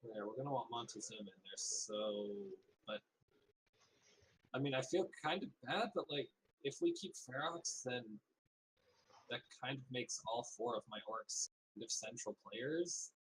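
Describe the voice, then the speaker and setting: A man's voice: medium pitch, animated, unhurried, fairly bright tone, a little hiss or hum, poor audio. A man playing a tabletop game over a voice call, joking and thinking aloud about tactics.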